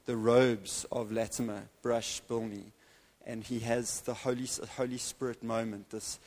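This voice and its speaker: At a medium pitch, a man delivers an evangelical sermon built around a story, animated and punctuated by dramatic pauses.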